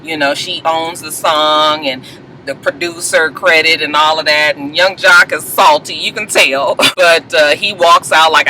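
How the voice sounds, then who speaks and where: A woman giving a casual, gossipy TV episode recap, animated and sassy, laughing often and swearing freely. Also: deep voice, moderate pace, a little hiss or hum, rough recording. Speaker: TV show reviewer.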